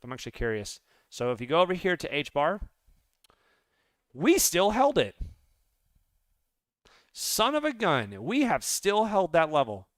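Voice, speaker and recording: A man who trades crypto, going over charts live in an excitable, rambling way and talking straight to his viewers. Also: a little high, clean tone, no echo. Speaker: crypto trader and channel host.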